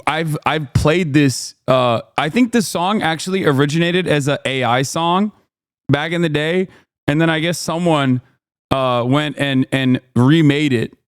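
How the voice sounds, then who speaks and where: A man's voice: a little high, measured pace, clear, resonant tone, no room sound, studio quality. A man casually commenting on clips as a streamer, sardonic and rambling, with restarts.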